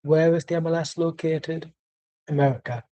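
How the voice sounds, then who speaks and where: Sweary, ranting man with a mellow voice. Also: fairly high pitch, steady tone, moderate pace, rough recording. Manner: angry, sweary, sarcastic. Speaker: football watchalong streamer. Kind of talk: live match commentary and rant.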